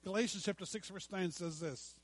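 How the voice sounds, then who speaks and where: A middle-aged male pastor preaching a sermon, slowing down to stress scripture and dropping to quiet asides. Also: high voice, breathy edge, dry recording, poor audio. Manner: emphatic preaching, slows to stress scripture, drops to hushed asides.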